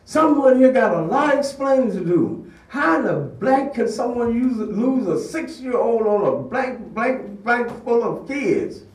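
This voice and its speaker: A man voicing a frantic mother who screams and rants with bleeped-out cursing. He pitches his voice up high and loud for her. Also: animated, unhurried, few pauses. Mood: furious. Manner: loud, ranting, censored cursing. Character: frantic swearing mother, screaming, furious woman. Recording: echoey room, distant mic.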